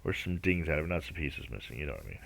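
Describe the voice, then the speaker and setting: A man's voice: a bass voice, big pitch swings, rapid-fire, creaky, fairly bright tone. A man rambling through gameplay commentary, hesitant and self-talking, often stalling and humming nonsense syllables. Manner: rambling, hesitant, talks to himself; hums and scats nonsense syllables. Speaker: Minecraft let's-play host.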